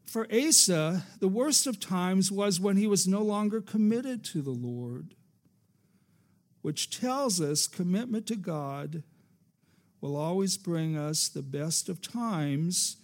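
A man preaches a sermon, in a rather high, gravelly voice. He takes his time, lets his phrases rise and fall for emphasis, and drops to a near hush before asking the congregation for an amen. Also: animated, takes it slowly. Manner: preacherly, rising and falling for emphasis, calls for amen. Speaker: pastor.

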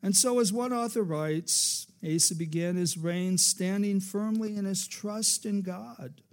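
A man preaches a sermon, in a rather high, gravelly voice. He takes his time, lets his phrases rise and fall for emphasis, and drops to a near hush before asking the congregation for an amen. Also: unhurried. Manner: preacherly, rising and falling for emphasis, calls for amen. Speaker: pastor.

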